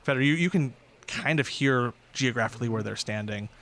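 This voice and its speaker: A man's voice: medium pitch, fairly quick, a bit bright. A man narrating as game master of a tabletop game, casual and self-deprecating, laughing easily.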